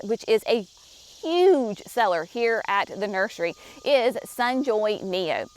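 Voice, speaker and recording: Upbeat higher-voiced woman presenting plants. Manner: enthusiastic, chatty, addresses viewers directly. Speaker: garden nursery presenter. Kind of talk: casual product walkthrough for viewers.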